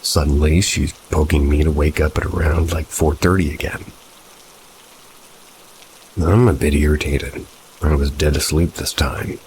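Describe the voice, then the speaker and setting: A man narrating first-person horror stories in a low, steady, measured reading. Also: rough recording. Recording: soft rain noise behind. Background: rain.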